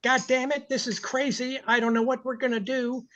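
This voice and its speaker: A man plays a raging, foul-mouthed old station boss who yells in a high, strained voice. He barks his orders loud and sharp over slightly muffled, lo-fi audio. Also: sing-song, unhurried, full character voice. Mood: furious. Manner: barking, cursing tirade. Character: irate older male radio station owner, profane bully.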